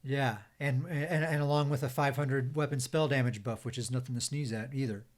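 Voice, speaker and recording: A man's voice: mid-range voice, steady tone, a little fast. A man hosting a casual gaming podcast, explaining game mechanics in a loose, chatty way full of "uh" and "um". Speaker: podcast host.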